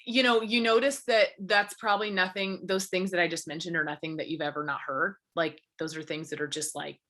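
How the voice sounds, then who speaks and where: A woman's voice: lowish voice, steady tone, brisk, fairly bright tone. A young woman giving an earnest, encouraging talk as a business coach, rambling and full of fillers. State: briefly tearful. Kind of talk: motivational talk to her team.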